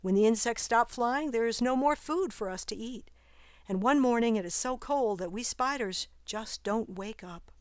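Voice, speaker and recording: A woman voicing a wise, calm spider near the end of its life, speaking in a gently teasing, philosophical way in a storybook reading. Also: on the high side, normal speed, no echo, studio quality, voice pushed up, close to an everyday voice. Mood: resigned. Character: wise calm female garden spider nearing death.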